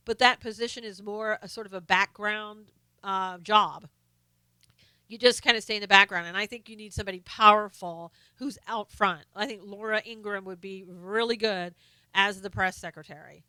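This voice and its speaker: A woman hosting a casual live stream, reading viewer comments aloud in a chatty, halting way full of fillers and restarts; she is losing her voice. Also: medium pitch, fairly even intonation, pushed and bright, clear, resonant tone, no room sound.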